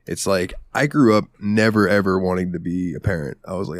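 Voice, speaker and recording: Young male podcast host, low pitch, candid and heartfelt, dead-dry mic. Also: fairly even intonation, a little fast, hardly any pauses, no echo. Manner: candid, emotional, swears casually. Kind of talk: casual podcast chat.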